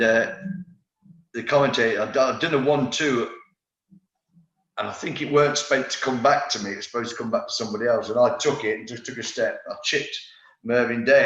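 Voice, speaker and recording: A man in his fifties, a former footballer, telling rambling stories with restarts in a casual interview. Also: medium pitch. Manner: lively storyteller, rambling with restarts. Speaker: former footballer, podcast guest. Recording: roomy, slightly dull recording.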